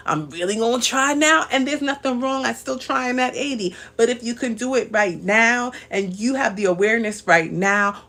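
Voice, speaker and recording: A woman's voice: a little high, gravelly, a bit bright. Woman in her 30s doing a live stream, upbeat and chatty, hyping up her viewers and laughing a lot. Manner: upbeat, chatty, motivational, talks straight to viewers; reads out viewer comments and laughs often. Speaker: livestream host. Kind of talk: casual live-stream chat.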